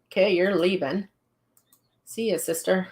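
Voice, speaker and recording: A woman's voice: lowish voice, steady tone, measured pace, a little mellow. A middle-aged woman, a psychic medium, casually chatting on a live stream, telling stories and reading viewer comments aloud.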